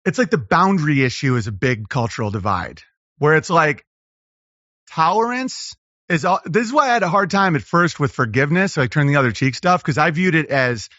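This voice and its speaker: A man, a comedian, talking casually as a podcast guest, rambling and riffing with quick impressions. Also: a little high, lively intonation, pushed and bright, no room sound, highs cut off. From Los Angeles.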